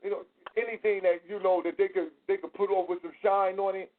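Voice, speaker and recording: High-voiced man on a tinny phone line. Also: brisk. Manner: profane, animated storyteller. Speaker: host. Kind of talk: casual podcast talk.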